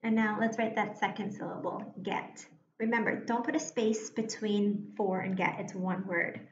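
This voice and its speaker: A woman teaching a recorded reading lesson for young children, speaking slowly and clearly, encouraging them and pausing for their answers. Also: medium pitch, fairly even intonation. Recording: echoey room, dull sound, faint hiss.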